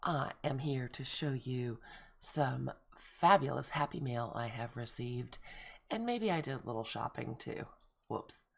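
Gushing gravelly-voiced woman crafter. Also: very deep voice, a little slow. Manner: gushing, excitable, lots of oohs and gasps. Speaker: craft vlogger. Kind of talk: casual show-and-tell chat.

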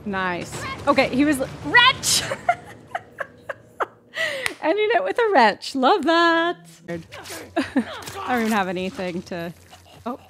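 A woman streaming a video game, reacting excitedly, cursing and laughing and yelping when startled. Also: sits high, slow pace, long pauses, background noise. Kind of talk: live gameplay reactions.

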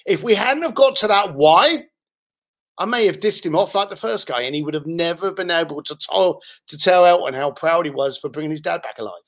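A man's voice: on the high side, expressive, a little fast, fairly bright tone. A man, a podcast guest, telling anecdotes with animation and acting out the voices of the people in them. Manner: acts out other people's voices while telling stories.

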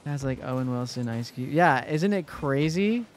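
A man's voice: mid-range voice, expressive, moderate pace. A man in his twenties streaming a game live, chatting casually with his viewers and swearing freely. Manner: chatty, swears freely, addresses chat directly. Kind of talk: casual live-stream chat while gaming.

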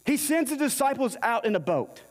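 A very high-pitched, very animated preacher speaks a little fast as he delivers a sermon in a church sanctuary. Telling a story from scripture, he voices the characters' dialogue himself, with the long reverb of the hall behind him.

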